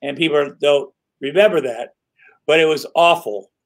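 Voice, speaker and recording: A middle-aged man appears as a podcast guest in a casual storytelling interview, rambling and swearing as he acts out what people said in quoted voices. His voice is fairly high-pitched and moves at a moderate pace.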